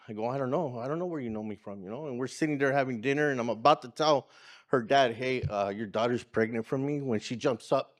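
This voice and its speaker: A man's voice: mid-range voice, fast talker. Man, earnest storyteller, acts out others' lines, community talk. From California. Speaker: community organizer speaker. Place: conference room.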